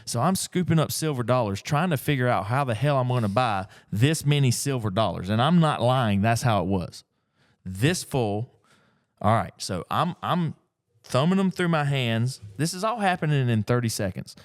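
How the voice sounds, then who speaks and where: A middle-aged man, telling a story in a casual, folksy, animated way as an antiques picker. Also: medium pitch, moderate pace, no room sound, clean studio sound. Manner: animated, folksy, acts out the people in his stories. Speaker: antiques picker and auction dealer. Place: auction gallery.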